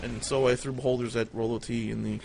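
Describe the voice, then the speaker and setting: A man's voice: medium pitch, little pitch movement, quick pace, gravelly, a little hiss or hum. A man hosting a livestream, telling crude comic tall tales in a rambling, swearing style. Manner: rambling, swears a lot, jumps into loud quoted voices. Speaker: livestream storyteller, host.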